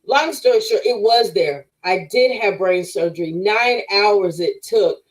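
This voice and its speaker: A woman's voice: mid-range voice, measured pace, rough recording. A woman guest on a podcast giving an emphatic, preacherly faith testimony in conversation, speaking straight to her listeners.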